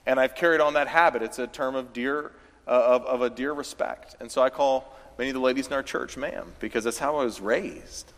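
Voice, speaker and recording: A man's voice: mid-range voice, brisk, fairly bright tone. A man from the South, a pastor preaching a sermon in a conversational way that rises into emphatic bursts. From American South. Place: church sanctuary. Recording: church hall with long reverb.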